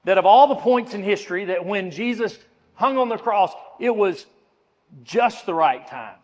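A man preaching a sermon in earnest, slowing down and dropping to a near hush on key phrases. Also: high-pitched, animated, in a large hall. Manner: earnest preaching, slows and drops to a hush for emphasis. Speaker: pastor.

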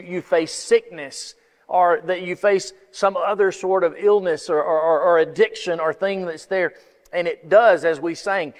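A man giving a church lesson, reading a column aloud in a conversational way with wry asides. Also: on the high side. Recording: long hall reverb.

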